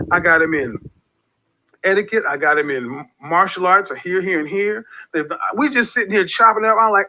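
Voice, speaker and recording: A man's voice: high-pitched, brisk, bright, forceful tone, slight background noise. A man giving an impassioned, preachy monologue as an online group leader, repeating his points with emphasis. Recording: dull lo-fi audio.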